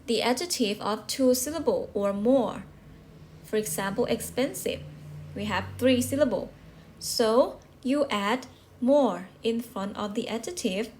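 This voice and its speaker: Slow, patient woman teaching English. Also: fairly high pitch, darkish tone, slight background noise. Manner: patient, repeats and checks with rhetorical questions. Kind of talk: slow classroom explanation.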